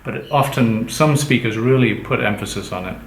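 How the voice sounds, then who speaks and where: A man teaching pronunciation, explaining slowly and patiently and prompting his partner for examples. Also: medium pitch. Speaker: language teacher. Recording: echoey room with faint background noise.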